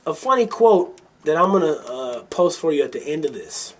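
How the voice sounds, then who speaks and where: A man's voice: a little high, very animated, normal speed. Angry, swearing political podcast man. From Milwaukee, Wisconsin. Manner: angry, swearing, blunt and mocking. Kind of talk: profane political rant.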